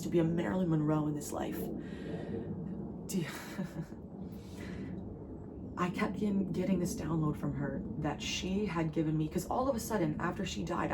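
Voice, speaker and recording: A woman's voice: low voice, heavy background noise. A young woman from New Jersey giving an earnest, emotional spiritual channeling reading as a tarot reader. She rambles, restarts and circles back on her words.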